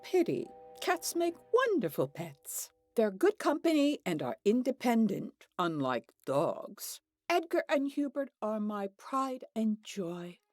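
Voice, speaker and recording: A woman's voice: a little high, big pitch swings, slow, few pauses, a little mellow, dry recording, faint music behind. An actress playing a doting middle-aged woman who gushes over her pets in a sweet, sing-song way. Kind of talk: video game voice acting.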